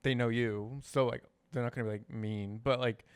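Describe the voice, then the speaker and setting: A man with a smooth, clear voice chats casually on a podcast. The sound is close and dry. He talks in a laid-back way, with hesitant pauses and fillers. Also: mid-range voice, fairly even intonation, no room sound. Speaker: podcast co-host. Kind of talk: casual chat.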